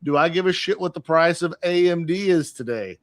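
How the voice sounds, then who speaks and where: A man's voice: on the high side, brisk, no room sound. Give me a man explaining long-term investing on a casual show, dry close recording. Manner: reflective, stammers at starts, swears casually. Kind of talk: casual debate on a market show.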